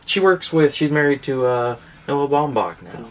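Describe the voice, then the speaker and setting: A man co-hosting a casual chat, making quick wisecracks while going over movies. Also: on the high side, expressive. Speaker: co-host.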